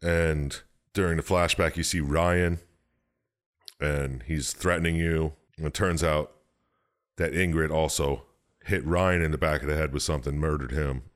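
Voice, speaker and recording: A man's voice: a bass voice, steady tone, a little slow. A man casually recapping a game's story, rambling and swearing, slipping into quoted voices. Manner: rambling, profane, jumps into silly quoted voices. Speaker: podcast co-host recapping a game story. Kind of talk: casual chat.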